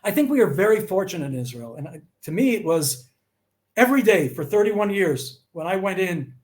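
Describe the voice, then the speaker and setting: A man's voice: high-pitched, fairly quick. A middle-aged man from the USA, telling anecdotes as an interview guest and acting out the dialogue. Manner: animated, acts out dialogue in his anecdotes. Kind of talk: storytelling in conversation.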